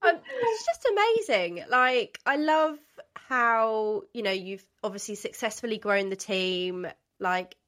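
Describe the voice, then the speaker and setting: A woman's voice: a little high, lively intonation, a little slow, fairly bright tone. A woman hosting a casual podcast interview, enthusiastic and chatty, with many "like" and "you know". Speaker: podcast host.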